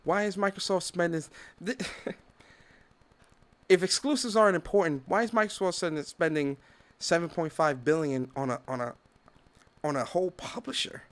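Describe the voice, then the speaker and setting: A man's voice: on the high side, moderate pace, long pauses. A man hosting a podcast, ranting in opinionated solo commentary, swearing freely and acting out little dialogues. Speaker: podcast host.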